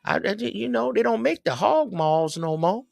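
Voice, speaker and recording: A man voicing a sweet elderly grandmotherly woman who talks gently and stumbles over her words. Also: medium pitch, animated, normal speed, gravelly, no room sound, voice pushed up. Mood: gentle.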